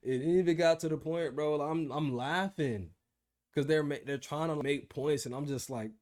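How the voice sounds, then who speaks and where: A man's voice: mid-range voice, normal speed, a little mellow. A man in his twenties ranting about his job in a casual video diary, telling the story with slang. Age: 20s. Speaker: vlogger.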